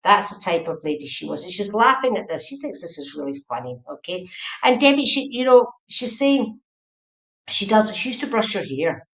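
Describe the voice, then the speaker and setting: A woman's voice: medium pitch, big pitch swings, normal speed, fairly bright tone. A woman giving a live online tarot and mediumship reading, chatty and repetitive, often checking whether her words make sense. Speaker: psychic medium. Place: indoors at home, room with a heater. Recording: echoey room.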